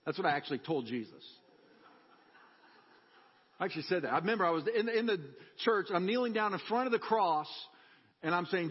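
A man's voice: high voice, brisk, long pauses, slightly rough, in a large hall, highs cut off. A man preaching a sermon in a church, telling personal stories with humor and energy. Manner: animated personal storytelling with humor.

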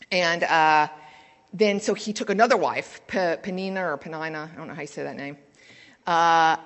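A woman delivers a Mother's Day sermon at a mid-range pitch, with a relaxed, conversational manner. Her voice rings with a long reverb in a church sanctuary. She tells stories candidly and sounds like she is talking with the people in front of her. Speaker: preacher.

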